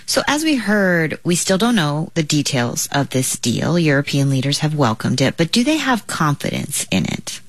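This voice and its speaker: A radio news host introducing a guest and asking questions calmly. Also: mid-range voice, moderate pace, hardly any pauses, no room sound. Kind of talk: live interview.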